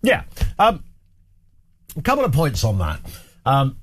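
A man's voice: mid-range voice, huge pitch swings, unhurried, breathy edge. A man hosting an opinion talk show, delivering a sarcastic, scornful monologue with jokey asides. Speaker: host.

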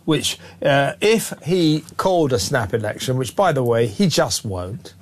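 A man's voice: mid-range voice, sing-song, measured pace. A man hosting a phone-in talk radio show, blunt and scornful, often cutting in on callers.

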